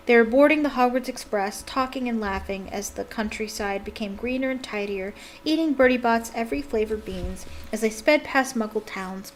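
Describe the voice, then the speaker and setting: A woman reading a novel aloud for online viewers, breaking off into animated, exclaiming asides. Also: fairly high pitch. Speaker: YouTube reader.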